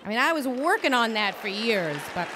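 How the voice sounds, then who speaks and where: High bright woman telling a funny blunt story on stage, echoey hall. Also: a little fast, crowd noise, noisy background. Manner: animated, comic, blunt and profane. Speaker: storyteller and host. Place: theater stage before a live audience. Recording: reverberant live theater hall.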